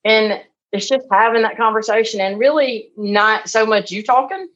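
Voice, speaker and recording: A woman's voice: fairly high pitch, moderate pace, muffled recording. Chatty woman explaining her process. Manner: chatty, animated, acts out phone calls. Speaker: real estate investor guest. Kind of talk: conversational interview.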